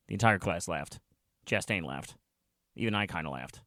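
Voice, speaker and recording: Lowish guy telling a funny story about himself, dry wry asides, super dry sound. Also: animated, brisk, a bit bright, no echo. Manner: wry, self-mocking asides. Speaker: narrator. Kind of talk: first-person comedic storytelling.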